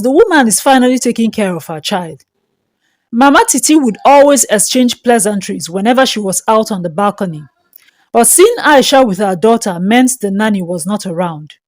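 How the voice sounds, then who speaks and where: A woman, narrating a dramatic folktale in a steady, scripted storytelling manner. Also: on the high side, no echo.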